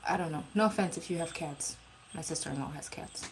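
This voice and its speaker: Blunt, profane woman with a low voice. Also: a little fast, a little hiss or hum, poor audio. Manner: rambling, restarts. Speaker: live streamer. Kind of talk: casual storytime chat.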